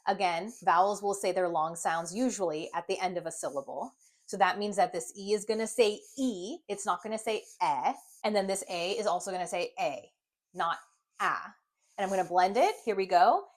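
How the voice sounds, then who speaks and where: Woman reading teacher, clear and patient, sounds words out slowly for students. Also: mid-range voice. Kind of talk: instructional video lesson.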